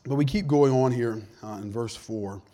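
A pastor preaching a conversational sermon in a church, joking with his congregation and swinging from hushed to loud. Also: medium pitch, normal speed. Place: church with a sound system.

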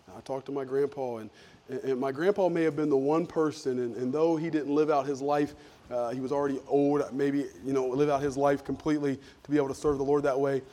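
In a mid-range voice and at a quick pace, a middle-aged pastor delivers his sermon through folksy storytelling, with his volume rising and falling in lively swings.

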